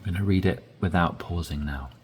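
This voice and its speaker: A man teaching English conversation, modeling phrases slowly with deliberately stressed inflection. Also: low-pitched, a little mellow, breathy edge. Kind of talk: language lesson, reading dialogue aloud.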